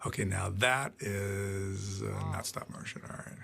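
Low, husky, and gravelly with a sharp edge, this film producer's voice stays steady at a measured pace. His laid-back commentary wanders through profane stories, broken up by reactions to the scenes playing.

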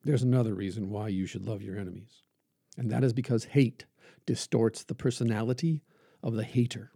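A male preacher talking earnestly with measured pauses, then reading a sermon aloud with rising emphasis. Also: fairly low pitch, steady tone, vocal fry, mellow, husky, no echo, clean studio sound. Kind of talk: podcast reflection and sermon reading.

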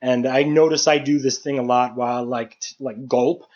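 A man's voice: medium pitch, steady tone, normal speed, a little mellow, muffled recording. A man who works as a stand-up comedian, talking through his craft in a casual, analytical way with frequent restarts. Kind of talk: casual chat.

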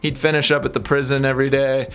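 A man's voice: medium pitch, little pitch movement, quick pace. Earnest male author on talk radio. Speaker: author guest. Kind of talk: radio interview answers.

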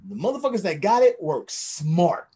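A man's voice: high-pitched, big pitch swings, normal speed, dark tone, breathy edge. A man co-hosting a podcast, brash and profane, laughing often. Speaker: podcast co-host. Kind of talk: casual chat.

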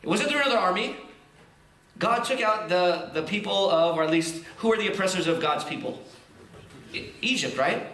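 Lively, bright-voiced male preacher in an echoey room. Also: high voice, normal speed. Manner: animated, conversational preaching with casual asides. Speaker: pastor. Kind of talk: sermon.

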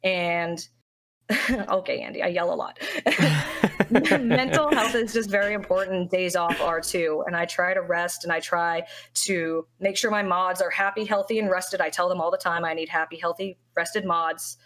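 A young woman speaks with a slightly low voice, open and heartfelt, telling a long personal story as a streamer in an interview. Her talk wanders, with frequent restarts and fillers along the way. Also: fairly even intonation, normal speed, fairly bright tone. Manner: candid, heartfelt, rambling with many restarts.

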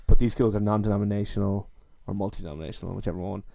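Male co-host, low voice, rapid delivery, dry wit, close dry sound. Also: steady tone, vocal fry, warm tone, dry recording. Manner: dry, sardonic remarks. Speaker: podcast co-host. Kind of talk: casual chat.

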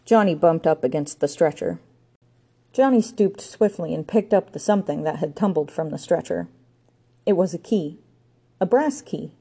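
Low, mellow woman narrating a story. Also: husky. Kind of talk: audiobook narration.

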